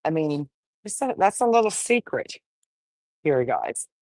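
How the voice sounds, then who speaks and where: A woman's voice: low voice, big pitch swings, measured pace, darkish tone, no echo. A woman breeding dogs, casually livestreaming while she firmly coaxes a wriggling puppy, talking in a folksy way. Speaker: dog breeder.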